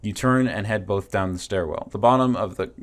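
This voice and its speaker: A young man hosting a comedy podcast, reading a silly story aloud in a halting deadpan way with fillers. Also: on the low side. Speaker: podcast host.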